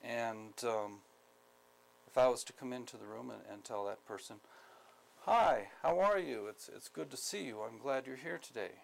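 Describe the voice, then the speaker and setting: A man from the United States giving a skills training lecture, speaking deliberately, repeating key points, with many ums. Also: mid-range voice, creaky, low-quality recording. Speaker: instructor.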